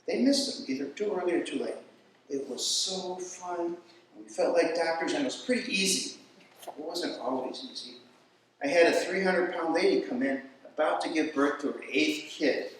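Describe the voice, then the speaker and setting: Guy doing standup, kinda high voice, super echoey room, mic far off. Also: normal speed, a little hiss or hum. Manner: storytelling, animated voices for quoted people. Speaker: stand-up comedian. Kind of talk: stand-up comedy routine.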